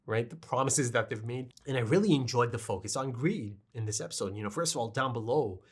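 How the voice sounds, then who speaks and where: Husky guy choked up, rambling about an anime episode, keeps asking right?. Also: mid-range voice, brisk. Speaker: anime reaction reviewer. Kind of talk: casual review monologue.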